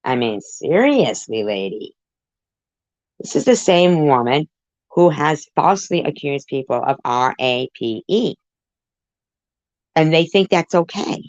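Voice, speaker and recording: A woman's voice: deep voice, very animated, measured pace, long pauses, darkish tone, dry recording. A woman hosting a reaction commentary, talking back at a clip with sarcastic, mocking asides. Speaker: commentary channel host. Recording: muffled lo-fi audio.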